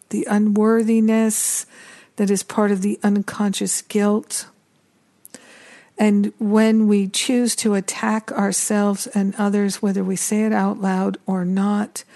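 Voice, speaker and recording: Woman doing slow gentle spiritual talk, mellow soft voice, kinda repeats herself like praying. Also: mid-range voice. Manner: slow, gentle and repetitive, with prayer-like passages. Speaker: spiritual teacher and podcast host.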